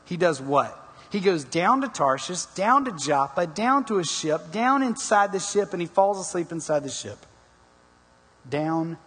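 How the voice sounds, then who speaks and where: A preacher tells an old story to his congregation in a husky, rather high voice. He drops his pitch down low on repeated words. The sound rings out with a long echo, as in a large sanctuary. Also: fairly bright tone. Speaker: pastor. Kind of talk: sermon. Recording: long hall reverb.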